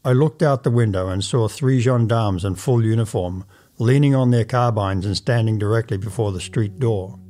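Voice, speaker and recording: Mellow male audiobook narrator. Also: on the low side. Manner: measured, formal storytelling in first person.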